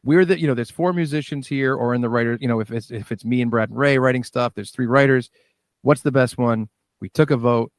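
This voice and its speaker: A man, a musician and director, telling lively stories in a casual interview and acting out what people said. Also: medium pitch, a little fast, no echo. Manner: animated storyteller, acts out quoted dialogue.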